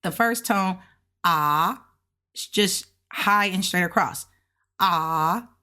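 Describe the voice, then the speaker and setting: A woman's voice: mid-range voice, fairly even intonation, bright, forceful tone. A woman casually walking viewers through practice, speaking patiently and drawing out sounds as she models them. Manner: slow, patient, drawn-out syllables when modeling sounds. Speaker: language learner teaching along. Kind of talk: casual lesson narration.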